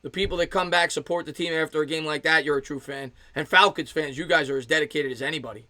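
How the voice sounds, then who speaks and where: Calling a baseball game pitch by pitch, an excited fan streamer in his thirties pauses to thank and reply to his chat viewers. He talks fast in a bright, forward voice pitched a little above the usual for a man. The recording is dry and close, with no room sound.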